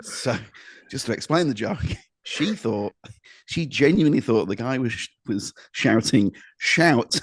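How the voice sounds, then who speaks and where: A man's voice: medium pitch, expressive, measured pace, husky, no echo. A man co-hosting a podcast, telling anecdotes in a rambling, self-correcting way. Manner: rambling anecdotal storyteller, restarts and hedges. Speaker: podcast co-host. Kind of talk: casual podcast chat.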